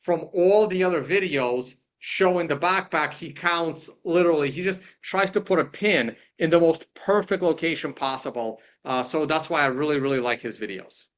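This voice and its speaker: A man's voice: on the high side, moderate pace, few pauses, fairly bright tone, lo-fi sound. A man hosting, casually talking through videos on his screen, rambling with many restarts. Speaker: host. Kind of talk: casual screen-share commentary.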